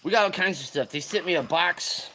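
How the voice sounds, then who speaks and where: A man hosting a fishing livestream, chatting casually and loudly greeting viewers with slang. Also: sits high, fairly quick, slight background noise. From California.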